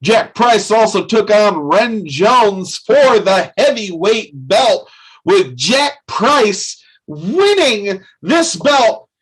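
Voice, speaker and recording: A man's voice: high voice, big pitch swings, drawn-out words, a bit bright, husky, poor audio. A man from Michigan co-hosting a casual podcast, cracking dry jokes. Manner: wisecracking, dry quips. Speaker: podcast co-host. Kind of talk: casual chat.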